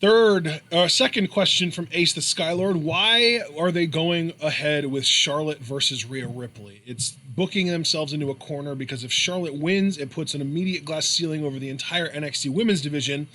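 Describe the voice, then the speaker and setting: A man co-hosts a casual podcast, reading out questions and answering in a matter-of-fact way with dry quips. His voice sits a little high and has a bright edge. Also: moderate pace, hardly any pauses, slight background noise. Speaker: podcast co-host. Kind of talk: casual wrestling podcast chat.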